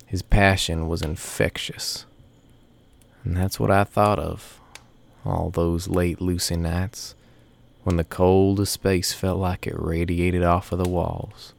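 A man narrating a first-person story in a folksy, unhurried way. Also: low-pitched, level tone, gravelly.

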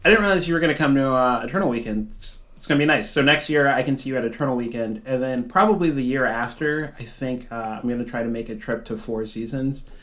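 A man hosting a podcast interview. He talks casually at an average pitch, with a dry, self-deprecating edge. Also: fast, fairly bright tone. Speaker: podcast host.

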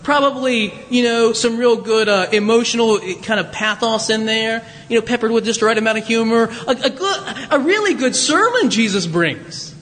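A man's voice: very high voice, normal speed, hardly any pauses, fairly bright tone, long reverb tail, slight background noise. A man preaching a chatty, conversational sermon as pastor, with folksy asides to his congregation. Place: church sanctuary.

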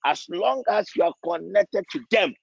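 A male pastor leads a prophetic prayer session, pleading fervently and repeating phrases until he is almost shouting. His high, gravelly voice is animated at a normal speed, captured in a dry, dull-sounding recording.

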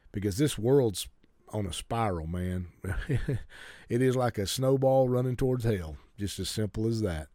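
A man's voice: lowish voice, darkish tone, dry recording, studio quality. A man preaching a sermon to a congregation, urging them earnestly and often stumbling and restarting his sentences. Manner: earnest exhortation with stammered restarts.

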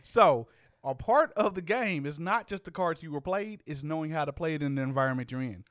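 A man's voice: a little high, animated, fairly quick, a bit bright, no echo, studio quality. A man co-hosting a casual chat, playful and slangy, laughing often. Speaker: podcast co-host.

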